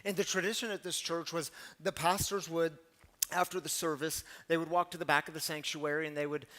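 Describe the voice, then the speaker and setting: A man in his forties preaches in a relaxed, conversational way, telling personal stories and turning to the congregation with questions. His voice sits fairly high for a man, and his delivery stays lively and animated. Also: brisk. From Missouri. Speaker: pastor. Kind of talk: storytelling sermon.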